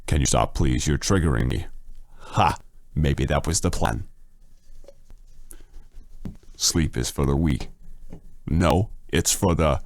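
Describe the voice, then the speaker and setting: A man speaking through a deep voice changer, very low and gravelly with a dry, close sound. He chats casually on a livestream, reading comments aloud and cracking crude jokes. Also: takes it slowly, long pauses, no echo. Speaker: streamer.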